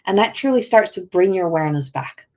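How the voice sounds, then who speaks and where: A woman coach chatting casually to viewers on a live stream, earnest and encouraging, with halting speech and frequent restarts. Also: mid-range voice, lively intonation, darkish tone. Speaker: spiritual coach and oracle card reader.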